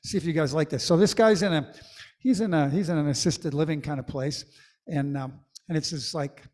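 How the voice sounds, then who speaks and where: A man's voice: a little high, a little fast, a little mellow, long reverb tail. A man in his sixties who sings and jokes, telling rambling stories between songs on a live-streamed comedy music show. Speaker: singer-songwriter and comedy host.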